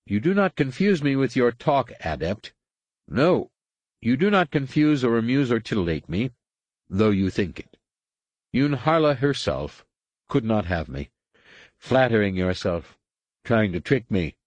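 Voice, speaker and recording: A man putting on a deranged, crippled alien master, imperious and erratic, barking commands with a raised, louder voice than his usual low one. The tone is husky and dry, lurching between detachment and screeches, as in a storybook reading. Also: very animated, a little slow, no echo. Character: mad, crippled, sneering male alien master.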